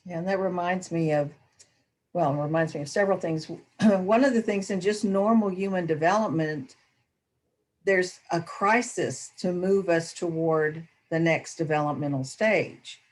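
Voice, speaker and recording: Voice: medium pitch, measured pace. A speaker in a reflective spiritual discussion, thoughtful and explanatory. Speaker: discussion panelist.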